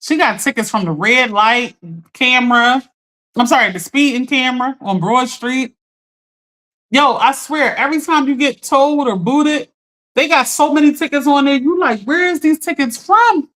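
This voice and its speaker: Woman, live stream host, slightly high voice, lively and chatty with her viewers. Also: normal speed. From Philadelphia. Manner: animated, chatty, addresses viewers as y'all, laughs often. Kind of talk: casual storytelling to a live audience.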